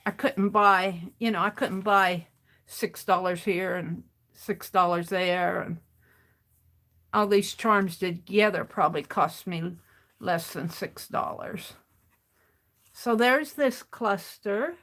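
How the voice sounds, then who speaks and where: A woman's voice: medium pitch, takes it slowly, a bit bright. A woman hosting a craft livestream, chatting casually and rambling to herself as she works. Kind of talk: casual chat while crafting.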